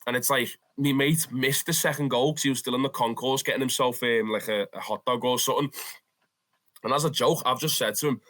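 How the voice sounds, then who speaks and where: A man's voice: mid-range voice, brisk. A young man with a Liverpool accent, a podcast guest telling football stories casually, swearing and laughing as he goes. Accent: Liverpool (Scouse). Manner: animated, swears freely, says "lad" often, bursts into laughter. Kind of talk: casual storytelling.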